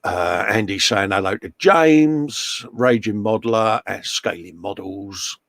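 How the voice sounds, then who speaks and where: A man's voice: fairly low pitch, slow, fairly bright tone, dry recording. A man hosting a casual live chat from his workshop, laughing often and reading out viewer comments. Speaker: host. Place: home workshop.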